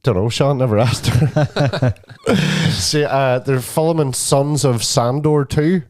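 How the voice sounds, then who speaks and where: A man in his forties, chatting as a podcast co-host. He tells stories loosely and jumps into quick voices for the people in them. The mic is close and dry, with no room sound. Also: medium pitch, darkish tone, no room sound. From Northern Ireland. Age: 40s. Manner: storytelling, acts out other people's lines. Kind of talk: casual chat.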